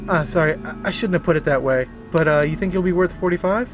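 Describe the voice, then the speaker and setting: Man, gamer streamer, fairly high voice, casual and crude, joking commentary, reading game text aloud, game music behind. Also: fast talker. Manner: casual, crude and jokey, laughs often.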